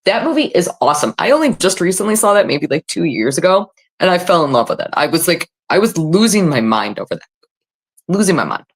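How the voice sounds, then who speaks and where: Woman, livestream host, casual chat, self-deprecating, lots of fillers, lively pitch swings. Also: brisk. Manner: animated, self-deprecating, chatty with many fillers.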